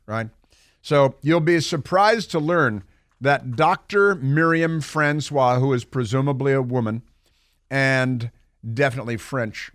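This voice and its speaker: A man's voice: mid-range voice, a bit bright, no room sound. Middle-aged man, talk radio host, sarcastic and mocking, rambling, dry studio sound. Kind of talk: opinionated talk radio monologue. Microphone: studio microphone.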